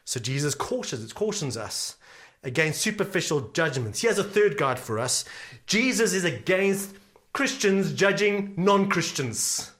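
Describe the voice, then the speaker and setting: A man's voice: sits high, very animated, measured pace, a bit bright. A male pastor preaching a sermon earnestly, repeating key phrases for emphasis.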